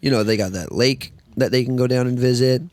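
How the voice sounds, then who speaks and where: A man's voice: mid-range voice, darkish tone, dry recording. A man co-hosting a podcast in casual chat, cracking jokes and asking questions. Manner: joking, quick reactions. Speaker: podcast co-host.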